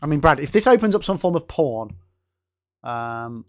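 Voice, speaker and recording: He's an English gaming streamer with a Midlands accent, reading viewer messages and chatting casually while playing, cursing freely and calling people by name. His pitch is fairly high, his tone sing-song and his pace moderate.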